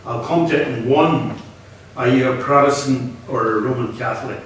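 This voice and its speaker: A man's voice: mid-range voice, moderate pace, slight background noise, lightly acted. A man voicing a cold, menacing gunman who speaks bluntly and matter-of-factly. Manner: blunt, threatening, matter-of-fact. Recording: echoey hall, from far off.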